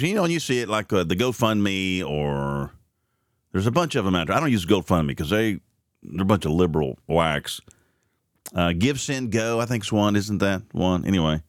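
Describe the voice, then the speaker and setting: A man with a low voice hosts a morning talk show and podcast, and his pitch leaps around as he rambles through his opinions. He speaks close to a dry studio mic with no room echo. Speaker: radio and podcast host. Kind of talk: casual talk radio commentary.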